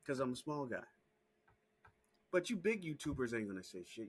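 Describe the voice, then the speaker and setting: A man hosting his own small channel, ranting straight to camera in a heated, profane, repetitive way that climbs into shouting. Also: medium pitch, very animated, normal speed, breathy edge. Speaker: small YouTube channel host. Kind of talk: casual direct-to-camera rant.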